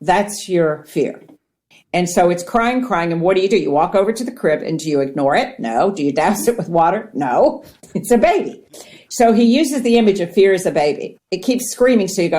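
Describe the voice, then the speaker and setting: A woman from Ohio, a guest on mindfulness, teaching in a conversational way, earnest and animated, acting out little quotes as she explains. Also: lowish voice, moderate pace. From Ohio, United States.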